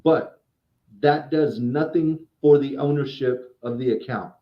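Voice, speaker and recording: A man's voice: mid-range voice, measured pace, reverberant, highs cut off. A man in casual podcast chat, a credit repair specialist explaining things at length, often restarting and repeating words.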